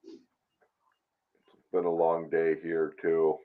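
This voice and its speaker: A man's voice: low voice, monotone, slow pace. A man joining a livestream by video call, chatting casually and mostly giving short, laid-back replies. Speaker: guest on the stream. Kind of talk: casual chat. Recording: tinny call audio.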